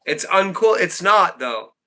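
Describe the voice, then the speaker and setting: A man's voice: high-pitched, big pitch swings, a little slow, sharp tone. A man hosting a livestream group call, chatting casually and jokingly, often repeating himself. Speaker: livestream host.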